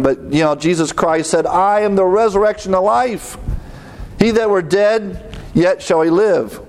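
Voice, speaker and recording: Man preaching, mid pitch voice, slows way down and jumps up high to hammer home words. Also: a little mellow. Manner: preaching with sudden rises in pitch and slowed emphasis. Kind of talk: sermon.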